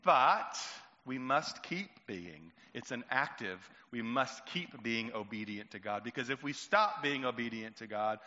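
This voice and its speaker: A middle-aged male preacher giving an earnest sermon, storytelling and slowing down for emphasis. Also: mid-range voice, animated, sharp tone. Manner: earnest, slow and emphatic at key points. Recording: echoey hall, dull lo-fi sound.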